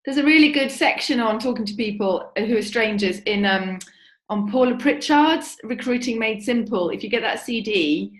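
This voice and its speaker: A woman on a group video call, relaxed, recounting an example with quoted back-and-forth. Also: fairly high pitch, normal speed. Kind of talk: casual chat on a video call. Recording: echoey room on video call.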